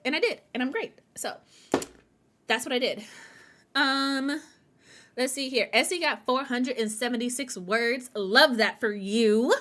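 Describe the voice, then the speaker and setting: A woman's voice: on the high side, a little fast, sharp tone. A woman hosting a writing sprint livestream, wired on caffeine, chatty and hyper, laughing often and talking to her viewers as y'all. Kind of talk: casual livestream chat.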